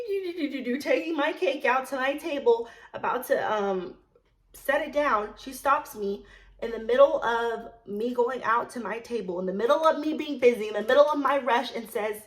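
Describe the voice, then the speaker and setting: A young woman telling a story about a past job in a casual, blunt way, swearing freely and filling with "like", dropping low and quiet, then rising loud and indignant. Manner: chatty, blunt, swears freely, many "like" fillers. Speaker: vlogger telling a work story.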